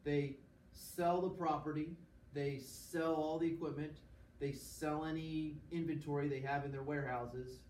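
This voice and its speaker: A man lecturing a class, his voice sitting a touch higher than most men's. He explains patiently, stops often to check that students follow, and acts out quick examples. He is recorded from across an echoey classroom, with a faint hiss underneath. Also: steady tone, darkish tone, distant mic. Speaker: teacher.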